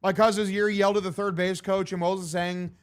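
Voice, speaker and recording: A high-voiced man calling a game live on his stream. He swears freely and sounds exasperated. His commentary is casual play-by-play. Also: little pitch movement, a little fast. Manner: profane, exasperated. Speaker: livestream host.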